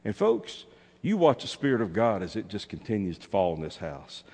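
A man's voice: lowish voice, wildly swooping pitch, normal speed, breathy edge. A man preaching a fervent sermon from the pulpit, repeating lines and calling his congregation to respond. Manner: fervent, repetitive call-and-response, rising to shouted exhortations. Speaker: pastor. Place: church sanctuary. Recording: long reverb in a church.

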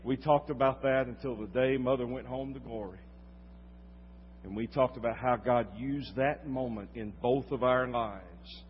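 A man's voice: mid-range voice, a little slow, a little hiss or hum. Older man, pastor, dramatic storytelling sermon, long echo in the hall, slightly muffled sound. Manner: dramatic storytelling, swinging from loud to hushed.

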